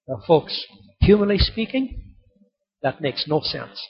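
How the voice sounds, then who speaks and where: A man preaching a sermon, telling a story and then calling loudly on the congregation to open their Bibles. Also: a little high, expressive, normal speed, breathy edge, dull audio. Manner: storytelling, building to loud exhortation. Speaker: pastor.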